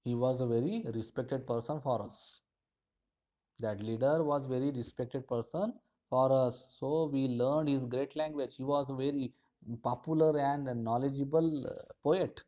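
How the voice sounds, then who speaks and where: A man's voice: mid-range voice, mellow, low-quality recording. A male college teacher, explaining a poem line by line and restating each phrase again and again. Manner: slow, repetitive explanation with frequent restatements.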